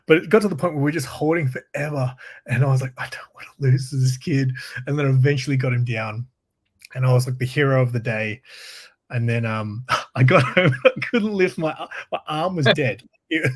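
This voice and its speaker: Husky Australian man telling a story. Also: on the high side. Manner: laughs often while telling stories. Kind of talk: casual chat, storytelling.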